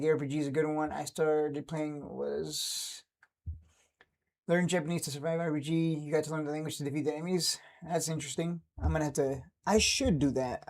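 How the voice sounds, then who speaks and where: Streamer type, man in his 30s, mellow tone, keeps chuckling between remarks. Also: fairly high pitch, creaky. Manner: laughs often, chuckling and upbeat. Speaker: stock trading streamer. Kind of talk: casual livestream chat.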